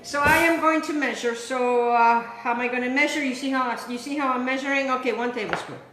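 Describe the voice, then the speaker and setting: A woman hosting a home cooking demonstration, chatty and exuberant, breaking into sudden high whoops as she works in her kitchen. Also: fairly quick, fairly bright tone, reverberant, a little hiss or hum, poor audio. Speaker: cooking show host.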